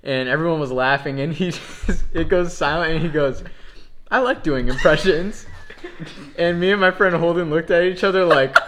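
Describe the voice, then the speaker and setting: A man's voice: on the high side, fairly quick, hardly any pauses, sharp tone, slight background noise. A young man guest eagerly telling a story about his friend while chatting. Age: young adult. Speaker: podcast guest. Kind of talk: casual chat.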